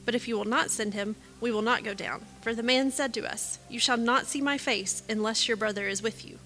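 A woman reading the lines of an earnest adult brother pledging to protect the youngest, in a measured way. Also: on the high side, bright, forceful tone, faint music behind.

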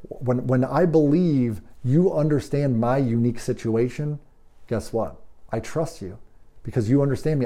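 A man's voice: medium pitch, dark tone. A man coaching automotive service managers, talking emphatically with rhetorical questions and acting out bits of dialogue. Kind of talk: training talk to shop managers.

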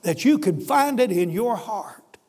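A man retelling, in a halting voice, the pleading words of a big, remorseful older man. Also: high voice, expressive, darkish tone, slightly rough, long reverb tail, heavily acted. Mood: desperate.

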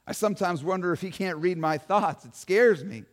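A man's voice: high voice, moderate pace, in a large hall, natural voice. A man voicing a folksy, chatty male servant of a king, talking earnestly as an eyewitness.

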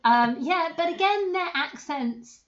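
A woman's voice: extremely high pitch, lively intonation, slow pace. A woman co-hosting a podcast, chatting casually, laughing often and tossing out rhetorical questions. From Britain. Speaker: podcast co-host. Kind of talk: casual chat. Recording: dull lo-fi sound.

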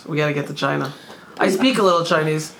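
High-voiced gravelly joking man. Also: fast talker, a bit bright, a little hiss or hum. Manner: joking, teasing, emphatic. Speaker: host. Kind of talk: casual chat.

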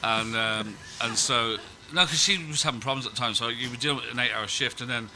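A man's voice: mid-range voice, brisk, noisy background. A middle-aged male comedian chatting as a guest, rambling through stories with dry, sarcastic asides. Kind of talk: casual chat. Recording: live podcast at a comedy festival.

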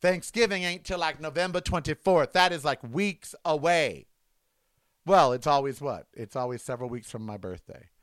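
A man's voice: fairly high pitch, lively intonation, moderate pace, fairly bright tone, no echo. A man hosting a comedic rant monologue, sarcastic and mocking as he riffs at length. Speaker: host.

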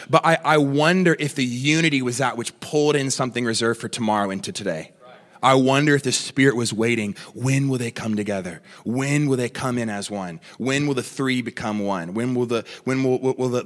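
A man preaching a sermon in a church, animated and conversational, with many restarts and asides. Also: lowish voice. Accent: Australian. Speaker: pastor. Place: church auditorium. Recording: long reverb of a church hall.

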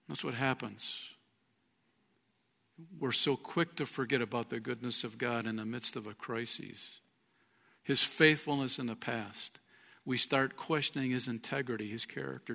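A man's voice: medium pitch, a little slow, gravelly, sharp tone. A man preaching a sermon as pastor, earnest, rising and falling in volume. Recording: long reverb of a large hall.

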